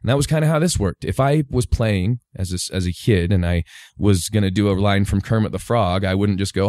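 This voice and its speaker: Low-voiced comedian explaining his voice tricks. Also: animated, fast, darkish tone, dry recording, studio quality. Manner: explains voice tricks by demonstrating them. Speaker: stand-up comedian guest. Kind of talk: casual chat.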